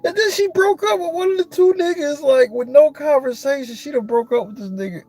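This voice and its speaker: A man hosting a casual, profane reality-TV recap chat, talking in an animated, mocking, slangy way. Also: very high voice, fairly quick, soft background music. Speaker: podcast host.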